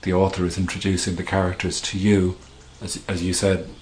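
A man's voice: low voice, little pitch movement, a little fast, darkish tone. A middle-aged male author being interviewed, talking thoughtfully with hesitations and restarts. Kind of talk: reflective conversational interview.

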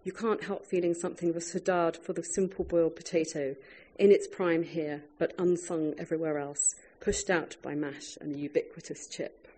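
Husky-voiced author reading aloud. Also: mid-range voice, steady tone, moderate pace, dark tone. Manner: wry, breaks off for chatty asides. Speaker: author reading their own writing. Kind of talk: reading aloud to a live audience.

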